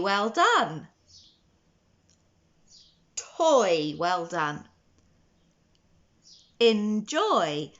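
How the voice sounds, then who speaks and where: A woman teaches phonics to young children. She speaks slowly, breaks each word into separate sounds, and gives frequent praise. The recording sounds a little dull and lo-fi. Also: mid-range voice, wildly swooping pitch, fairly bright tone. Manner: slow, sounding out words letter by letter with encouraging praise.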